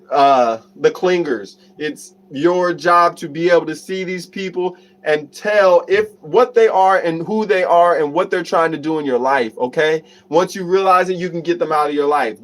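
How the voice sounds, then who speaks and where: Upbeat motivational man streaming live. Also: on the high side. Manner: reads viewer comments aloud and laughs often; motivational, many fillers and restarts. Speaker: livestream host, self-help talk. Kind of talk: casual livestream chat.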